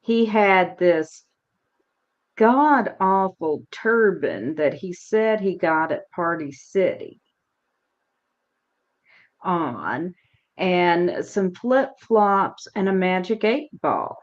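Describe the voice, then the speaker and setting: A woman hosting a casual chat, telling stories in an unhurried, chatty way. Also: lowish voice, lively intonation. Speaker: host. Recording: dull lo-fi sound.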